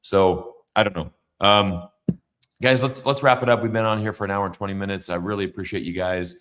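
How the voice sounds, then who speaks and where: A man's voice: fairly low pitch, fairly even intonation, brisk, a bit bright. A man hosting a political livestream, talking in a rambling, emphatic way with many fillers and restarts. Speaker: livestream host. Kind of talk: casual political livestream chat.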